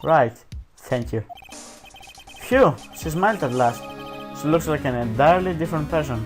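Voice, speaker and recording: A man's voice: fairly high pitch, lively intonation, normal speed, over music. Man casually reading game dialogue. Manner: casual, self-mocking, mixes in "dude" and "like". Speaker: let's play commentator. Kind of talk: reading game dialogue aloud with jokey asides.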